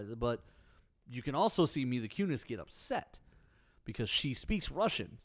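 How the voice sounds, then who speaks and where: Animated man telling stories, casual chat. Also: medium pitch, moderate pace, no echo. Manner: animated storyteller. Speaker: podcast co-host.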